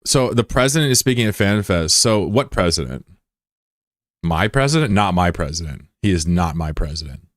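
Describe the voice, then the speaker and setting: Low-pitched American guy streaming, cracking crude jokes while answering chat, dry close mic. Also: lively intonation, moderate pace, no echo. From United States. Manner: joking, profane, rambling asides. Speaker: live streamer. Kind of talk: casual chat, reading out viewer comments.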